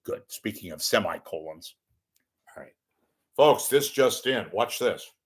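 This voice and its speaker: Older male commentator, rambling, crude jokes, pitched a bit low. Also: lively intonation, measured pace, breathy edge. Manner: profane, wisecracking, rambling with loud bursts and muttered asides. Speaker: media commentator. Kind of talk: off-the-cuff monologue. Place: at home.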